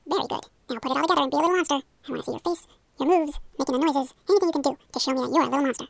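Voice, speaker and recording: A woman's voice: high-pitched, very fast, creaky, no room sound. A young woman leading a playful hypnosis role-play, coaxing and encouraging the listener. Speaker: hypnosis guide.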